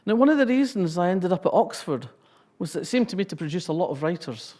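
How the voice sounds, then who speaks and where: A woman's voice: fairly low pitch, big pitch swings, quick pace, warm tone. A Scottish woman in her sixties giving a public talk, reading a passage and then telling wry, humorous anecdotes.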